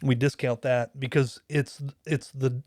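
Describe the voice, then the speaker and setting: A man's voice: mid-range voice, fairly even intonation, unhurried, darkish tone, dry recording, studio quality. A man hosting a podcast, talking in an earnest, reflective, rambling way. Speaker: podcast host. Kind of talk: casual interview chat.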